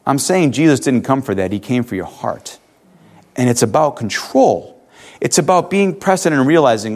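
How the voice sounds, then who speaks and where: A man preaching a sermon, earnest, rising to emphatic questions and dropping soft when he tells a story. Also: medium pitch, animated, moderate pace. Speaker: pastor.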